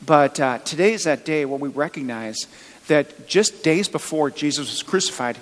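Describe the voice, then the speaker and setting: A man's voice: a little high, normal speed, in a large hall, rough recording. A man preaching a sermon as pastor, chatty, with joking asides. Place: church.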